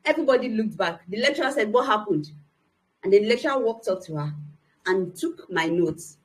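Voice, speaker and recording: Young woman speaker, mid-pitch voice, emphatic testimony to a youth audience. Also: expressive, brisk, low-quality recording. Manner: earnest, emphatic storytelling. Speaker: motivational speaker. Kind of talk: personal testimony talk.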